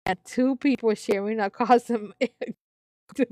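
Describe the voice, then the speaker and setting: A giggly woman reads online posts aloud on her live stream and keeps breaking into laughter as she comments on them. She speaks slowly and unhurriedly, in a fairly high voice. The sound is dry and close, with no room echo. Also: dark tone. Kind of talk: casual reading with live commentary.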